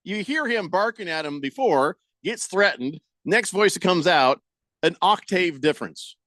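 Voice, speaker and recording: An older man hosting sports talk radio, telling a story with animated energy and a studio mic. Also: high-pitched, a little slow, no echo. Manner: animated storytelling, acts out quoted voices.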